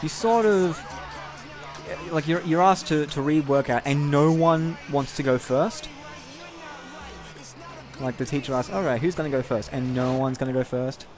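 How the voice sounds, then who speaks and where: A man's voice: on the high side, a little slow, pauses often, darkish tone. A young man telling a long, rambling personal story over gameplay, candid and casual with frequent swearing. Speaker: gameplay commentator.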